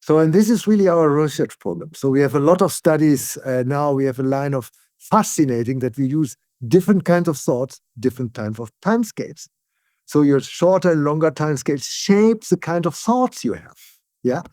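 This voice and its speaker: A neuroscientist guest speaking as an English speaker, explaining ideas in calm conversation and often checking in with "yeah?". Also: male voice, fairly high pitch, no room sound, clean studio sound. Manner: tag "yeah?" questions, frequent restarts, calm and deliberate.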